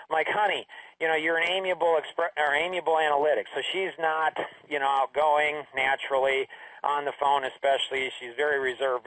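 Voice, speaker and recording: A man's voice: on the high side, a bit bright, no echo, far from the mic, poor audio. A middle-aged man hosting a radio talk show, telling a story casually and acting out the family dialogue he quotes.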